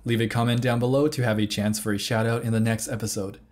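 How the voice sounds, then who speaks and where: A man's voice: medium pitch, little pitch movement, quick pace, background noise. A young man hosting a fish tank review vlog, talking casually with a playful, teasing, mock-indignant manner. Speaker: channel host reviewing fish tanks. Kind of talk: casual joking commentary. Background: guitar music.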